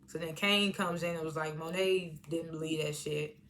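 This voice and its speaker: A woman's voice: sits low, fairly even intonation, normal speed, a bit bright, a little hiss or hum. A woman giving a casual episode recap, retelling scenes by quoting the characters in slangy talk and laughing often. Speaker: TV episode reviewer.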